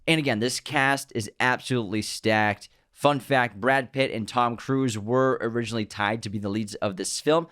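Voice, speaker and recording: A man co-hosting a casual film podcast, enthusiastically running through background facts in quick lists. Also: mid-range voice, fairly bright tone, no room sound, clean studio sound. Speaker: podcast co-host.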